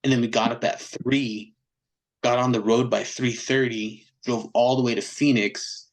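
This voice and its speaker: A metal band vocalist, a man with a mid-range voice, chats casually as a podcast guest over poor audio. He's unhurried but animated, telling a slang-heavy story and acting out quotes in other people's voices.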